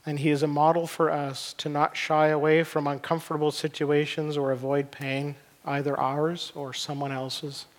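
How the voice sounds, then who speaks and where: A man's voice: fairly high pitch, level tone, normal speed, few pauses. A middle-aged man, preaching a sermon in an earnest, conversational way and repeating words as he looks for them. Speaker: pastor. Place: church hall. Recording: long reverb of a church hall.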